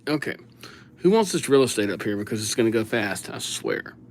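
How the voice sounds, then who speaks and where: A man's voice: fairly low pitch, lively intonation, quick pace, darkish tone. A young man hosting a calligraphy livestream, chatting and joking while he writes viewers' names and hands out goofy nicknames. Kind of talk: casual livestream chat while writing names.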